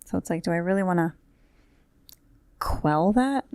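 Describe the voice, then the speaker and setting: A woman's voice: on the low side, expressive, a little slow, darkish tone, no room sound. A woman hosting a podcast, talking casually in a rambling, chatty way with wry asides, recorded in a studio. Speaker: podcast host. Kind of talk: casual chat.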